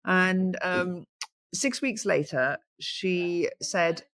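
A woman guest chatting in a lively, storytelling way, acting out the voices of people in her stories. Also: on the low side, extremely slow. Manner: animated storyteller, acts out quoted voices. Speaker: guest, founder of a cold water swimming group. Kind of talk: lively anecdotal conversation.

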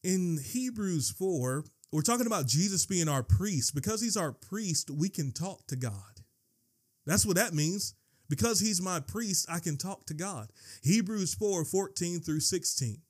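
High-voiced excitable male preacher. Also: unhurried. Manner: excitable preaching, swinging from quiet reading to yelling; repeats and restarts words when worked up. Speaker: pastor. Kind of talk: sermon.

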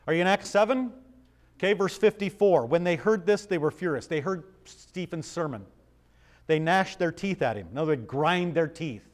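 A man's voice: fairly high pitch, lively intonation, moderate pace. A man preaching a Bible study sermon, reading passages aloud and asking his listeners questions in a conversational way. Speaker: pastor.

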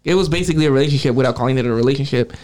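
A man's voice: mid-range voice, rapid-fire. A man telling a personal story in casual podcast chat, swearing freely and acting out what others said. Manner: profane, animated, acts out quoted speech. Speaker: podcast co-host.

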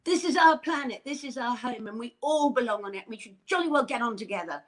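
An older woman talks as an interview guest, gushing and animated. Her voice sits a little high, and she speaks in a bubbly, effusive rush. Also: fast talker. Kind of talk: casual chat.

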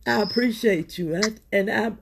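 A woman's voice: medium pitch, moderate pace, vocal fry, a little hiss or hum. A middle-aged woman hosting a podcast, talking candidly and emotionally about her own struggles, swearing freely and often turning to her listeners. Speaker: podcast host. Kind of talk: personal confessional talk.

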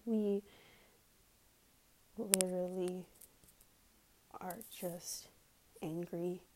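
A woman's voice: fairly low pitch, steady tone, extremely slow, warm tone, slight background noise. A woman ranting heatedly in a casual vlog, swearing often and breaking into nervous laughs.

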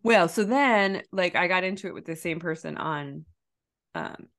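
A woman in casual chat, animatedly recounting a workplace mishap, her voice leaping high when she acts out her own outbursts. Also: moderate pace. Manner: animated, jumps high when quoting herself; lots of fillers and restarts, laughs while telling.

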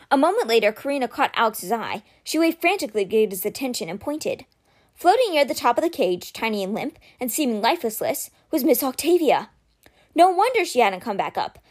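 Brief: woman narrating a children's novel, high voice, lively expressive delivery. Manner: expressive, dramatic storytelling. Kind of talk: reading a book aloud.

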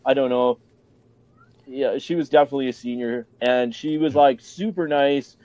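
A man's voice: mid-range voice, fairly even intonation, moderate pace, darkish tone, dry recording, highs cut off. A man with a Canadian accent, a podcast guest telling his story bluntly and candidly, swearing freely and restarting often.

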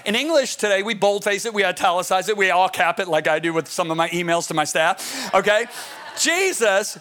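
A middle-aged man preaching a sermon as pastor, emphatic and animated, often asking his listeners questions. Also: sits high, fairly quick.

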